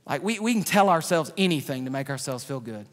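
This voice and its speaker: A man preaching a sermon in a church, animated and joking, with loud outbursts. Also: a little high, fairly quick. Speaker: pastor. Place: large church sanctuary. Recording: reverberant church hall.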